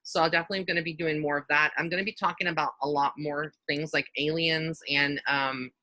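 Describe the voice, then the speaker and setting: A man's voice: on the high side, steady tone, quick pace, pushed and bright, no echo, low-quality recording. A man hosting a live video call as a psychic medium, talking casually and rambling with lots of fillers and restarts. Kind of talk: casual live-stream chat.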